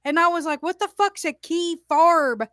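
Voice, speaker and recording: A woman's voice: extremely high pitch, normal speed, pushed and bright, no room sound, clean studio sound. A woman hosting a casual talk stream, swearing freely and telling incredulous stories. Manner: profane, laughing, incredulous storytelling. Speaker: talk show host. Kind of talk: casual chat. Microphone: livestream studio mic.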